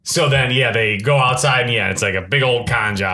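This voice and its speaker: A man co-hosting a podcast, casually recapping a film's plot and acting out the characters' lines in quick little voices. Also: mid-range voice, pushed and bright. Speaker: podcast co-host. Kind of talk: casual movie recap chat.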